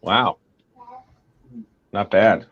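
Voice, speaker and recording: An American man with a fairly low voice chats casually on a live stream, rambling, swearing and joking. The stream audio is dull and lo-fi. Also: extremely slow, husky. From United States. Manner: profane, rambling, jokey. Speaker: co-host and comic artist.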